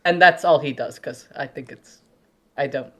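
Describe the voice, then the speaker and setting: A woman's voice: sits low, normal speed, muffled recording. A woman playing in a tabletop game, chatting casually at the table and rambling, with lots of giggles and restarts. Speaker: player.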